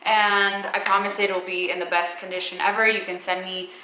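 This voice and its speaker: A woman's voice: mid-range voice, little pitch movement, normal speed, bright, forceful tone, echoey room, a little hiss or hum, rough recording. A young woman filming a casual clothing try-on haul at home on her camera, chatty and upbeat, full of fillers. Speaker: fashion vlogger. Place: room at home. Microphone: camera mic.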